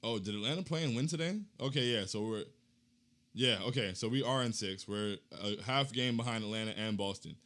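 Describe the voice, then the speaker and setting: Reading fan comments briskly, this young host keeps his casual postgame chat hyped and full of slang. He moves between chanting loudly and muttering under his breath.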